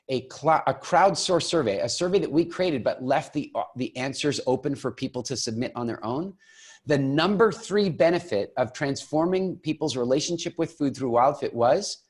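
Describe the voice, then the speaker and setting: Enthusiastic man giving a persuasive talk. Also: mid-range voice. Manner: enthusiastic storyteller, acting out quoted exchanges. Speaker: program founder giving a masterclass.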